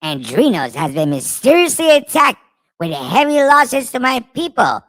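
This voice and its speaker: A man's voice: very high voice, wildly swooping pitch, normal speed, fairly bright tone, pitched above the performer's own voice, exaggerated voice. A man voicing an anxious insect-like warrior with a raised, strained voice. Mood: worried.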